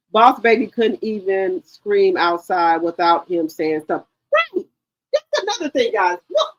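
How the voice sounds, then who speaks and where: Animated, profane woman gossip host. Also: high-pitched, no echo, low-quality recording. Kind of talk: casual livestream commentary.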